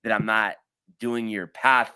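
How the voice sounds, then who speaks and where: A man's voice: fairly low pitch, fairly even intonation, measured pace, bright, forceful tone, clear, resonant tone. A man co-hosting a casual sports show, telling a long story in a rambling way with lots of fillers. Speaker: podcast co-host.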